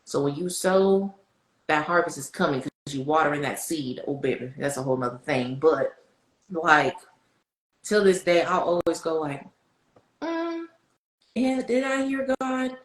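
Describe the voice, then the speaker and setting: A woman speaking as a podcast guest, telling faith stories in animated casual chat. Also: moderate pace. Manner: animated, storytelling, swings high when excited. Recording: echoey room.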